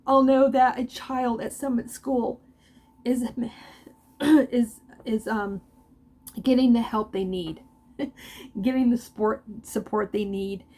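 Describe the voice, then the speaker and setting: An older woman with grandchildren, chatting casually and warmly emotional as a crochet vlogger, with laughs and restarts. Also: fairly high pitch, fairly even intonation, takes it slowly, pauses often. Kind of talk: casual chat.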